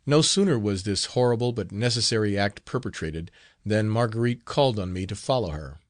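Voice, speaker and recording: A man narrating a classic novel as an audiobook, in a measured, dramatic reading. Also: lowish voice, expressive, dry recording, studio quality.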